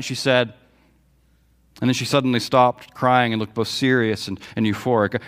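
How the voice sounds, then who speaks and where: A man's voice: fairly low pitch, fairly even intonation, moderate pace, long pauses, fairly bright tone. A man pastor preaching a sermon, telling a personal story and a Bible story, quoting dialogue with feeling. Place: church sanctuary.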